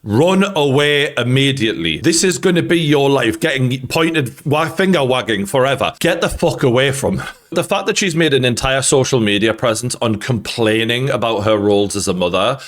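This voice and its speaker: A man's voice: medium pitch, lively intonation, normal speed, a bit bright. A man with a Geordie accent hosting a reaction commentary, blunt and opinionated and swearing freely. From North East England. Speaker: host.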